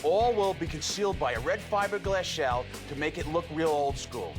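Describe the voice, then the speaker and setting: A man's voice: fairly high pitch, normal speed. A man on a reality TV show, explaining things matter-of-factly. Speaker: reality show cast member. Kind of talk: reality TV talk. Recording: reality TV clip with music bed.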